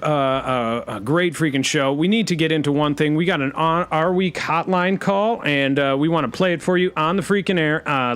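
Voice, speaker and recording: Rambling deadpan male podcast host. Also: on the high side. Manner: peppers every sentence with a filler swear, deadpan rambling. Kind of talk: comedic podcast banter.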